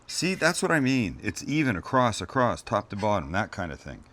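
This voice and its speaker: A man's voice: fairly low pitch, big pitch swings, moderate pace, background noise. Gushing male cooking show host. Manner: gushing, exclamatory praise of food; chatty asides to crew. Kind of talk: casual cooking demonstration.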